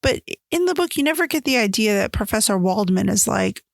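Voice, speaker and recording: Chatty woman with a gravelly edge. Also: mid-range voice, brisk, few pauses, dry recording, clean studio sound. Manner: chatty, animated retelling with quoted asides. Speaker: podcast host. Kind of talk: casual solo book-versus-movie chat.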